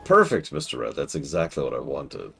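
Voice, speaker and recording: A low, gravelly man streaming a game, his pitch swinging widely as he talks. He teases the characters on screen with sarcastic, mock-dramatic asides. Faint music plays behind him. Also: sing-song, moderate pace.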